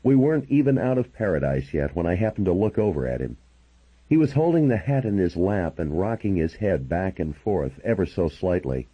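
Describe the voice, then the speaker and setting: A man reading a first-person novel aloud as an audiobook narrator, with a husky voice and a dramatic storytelling delivery. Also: low-pitched, sing-song, normal speed, lo-fi sound.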